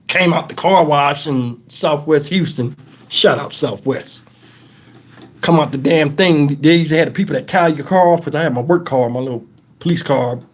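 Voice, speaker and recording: A man telling a profane, animated story on his livestream, acting out the voices in it. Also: a little high. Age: adult, twenties long past. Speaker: livestream host.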